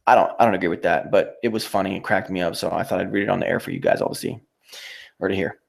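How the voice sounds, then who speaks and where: A man with a gravelly, fairly low voice hosts his own livestream. He rambles through a casual rant, swearing freely and mocking people as he goes. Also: fairly even intonation, fast talker. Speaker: YouTube livestreamer.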